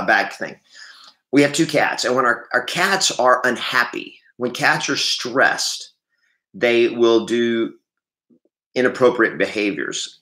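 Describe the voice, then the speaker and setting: A man's voice: mid-range voice, bright, forceful tone, reverberant. A man hosting a casual morning live stream from his home training room, rambling and correcting himself as he greets viewers by name. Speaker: livestream host and real estate trainer.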